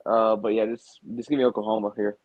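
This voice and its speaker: A man co-hosting a casual sports chat, halting and leaning on filler phrases. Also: on the low side, flat delivery, no echo, narrow, tinny audio. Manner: halting, leans on "you know". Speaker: co-host.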